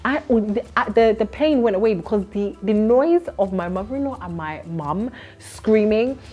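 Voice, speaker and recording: A young woman from Britain, a TV host, telling her story to camera in a lively, chatty way with lots of laughs. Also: mid-range voice, moderate pace, dull audio. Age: young adult. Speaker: vlogger and TV host.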